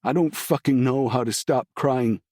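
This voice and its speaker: A man's voice: medium pitch, normal speed, a little mellow, no echo, studio quality, voice pushed up, lightly acted. A man voicing a grieving, tearful young man. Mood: anguished. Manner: strained, tearful pleading. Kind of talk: audiobook dialogue.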